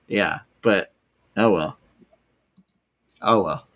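A man's voice: a little high, lively intonation, unhurried. Profane, laughing male storyteller. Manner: profane, laughing, acts out quoted voices loudly. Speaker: podcast guest. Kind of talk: casual storytelling chat.

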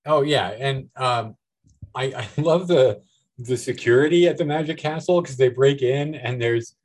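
A man's voice: medium pitch, unhurried, poor audio. A man who is a guest on a podcast, talking loosely about films with many fillers. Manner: loose, rambling, filler-heavy. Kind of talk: casual film discussion.

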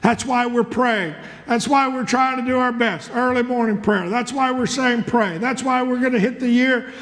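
A man preaching with a strikingly high voice, fervent and rhythmic, piling up repeated words and rising into shouts. His sermon rings through a church with a long, lingering reverb. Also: steady tone, normal speed. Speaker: pastor.

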